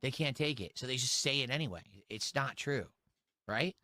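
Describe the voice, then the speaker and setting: A man's voice: mid-range voice, animated, normal speed, sharp tone, dry recording. A man on a stream clip, insisting defensively that he is happy and doing fine.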